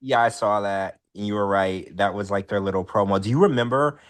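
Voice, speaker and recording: A man co-hosting a casual podcast recap, chatty and animated, his voice jumping up high when excited. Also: fairly quick. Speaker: podcast co-host.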